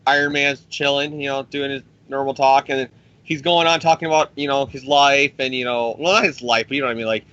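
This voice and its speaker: Man, bright forceful voice, rambling profane comic recap, dry dull recording. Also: mid-range voice, fairly even intonation, no echo. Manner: rambling, profane, acts out characters in quick impressions. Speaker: comic book podcast host. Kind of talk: casual comic recap chat.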